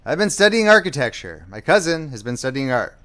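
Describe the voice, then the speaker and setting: A man's voice: a little high, very animated, fairly quick, sharp tone. A man voicing a young American officer on the run, talking in an earnest, play-along way.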